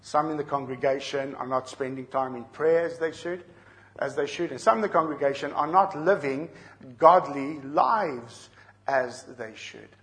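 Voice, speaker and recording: A middle-aged man preaching a sermon, earnest and measured, dropping soft and then rising loud to drive a point home. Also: a little high. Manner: earnest, swings from soft to shouting for emphasis. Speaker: pastor.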